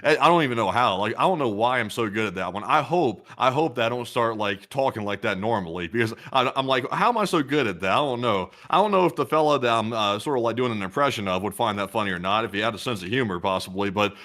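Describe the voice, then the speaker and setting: A man's voice: lowish voice, quick pace, few pauses, fairly bright tone. A man co-hosting a casual live stream, chatting in a rambling, self-amused way. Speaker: co-host.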